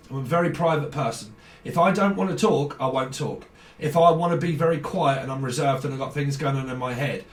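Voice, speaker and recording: Sweary man ranting through a tarot reading. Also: medium pitch. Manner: swearing, ranting, laughing often. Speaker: tarot reader. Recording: roomy, distant from mic, faint background noise.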